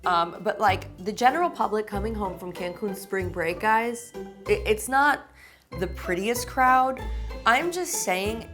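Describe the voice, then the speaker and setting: Woman, vlog host, confessional storytelling, sarcastic, profane, medium pitch. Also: unhurried, over music.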